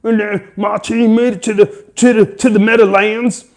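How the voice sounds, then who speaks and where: A man voicing a boastful former athlete turned coach, with a put-on country drawl and a loud, twangy, bragging voice. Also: high-pitched, little pitch movement, normal speed, voice pushed up.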